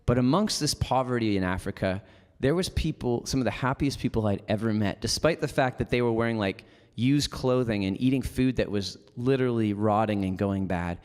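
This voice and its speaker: A man's voice: medium pitch, a little fast, in a large hall. A man giving a motivational keynote, telling stories casually with lots of "like" fillers. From Canada. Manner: lively storyteller, casual with many "like" fillers. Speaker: motivational speaker. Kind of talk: storytelling keynote talk. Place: large hall before an audience.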